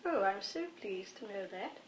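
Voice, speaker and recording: A woman sitting at a séance, speaking politely and gently to a spirit voice. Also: mid-range voice, lively intonation, moderate pace, slight background noise. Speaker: séance sitter. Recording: echoey old archive recording.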